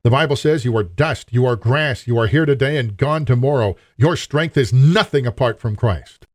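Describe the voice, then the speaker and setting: A man's voice: mid-range voice, normal speed, a little mellow, no echo, studio quality. A man preaching a sermon in an earnest, emphatic way, appealing directly to his listeners.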